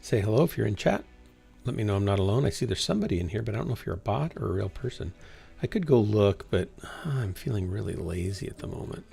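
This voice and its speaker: Gravelly low-voiced man streaming a game. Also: expressive, quick pace, mellow, soft background music. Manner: rambling, talks to himself while playing. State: yawning, tired. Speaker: livestreaming gamer. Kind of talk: casual solo livestream chat.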